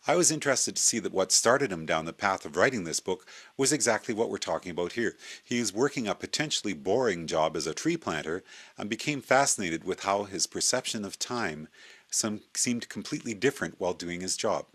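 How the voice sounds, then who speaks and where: A middle-aged man talking casually in a video blog with many hesitant fillers, then reading aloud from his own book in a steady way. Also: deep voice. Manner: hesitant with frequent uh fillers and restarts. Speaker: video blogger.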